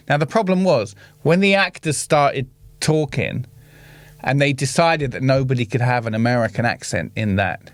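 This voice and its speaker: A man's voice: mid-range voice, lively intonation, normal speed, no echo. A man with a London accent hosting a comedy podcast, chatting animatedly and mimicking voices for laughs. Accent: London English. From England. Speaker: podcast host. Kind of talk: casual comedic chat.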